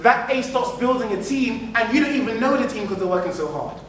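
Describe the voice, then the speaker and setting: High-voiced man giving an echoey keynote. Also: brisk. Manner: animated, repeats phrases for emphasis, acts out quoted people. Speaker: keynote speaker. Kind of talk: motivational business keynote. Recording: echoey hall, mic from far off, faint noise.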